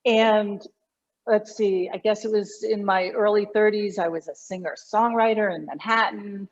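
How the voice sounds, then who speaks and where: A woman's voice: medium pitch, steady tone, normal speed, dull audio, slight background noise. A middle-aged woman, a communication coach, explaining her work animatedly in an interview, often restarting her sentences. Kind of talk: conversational interview.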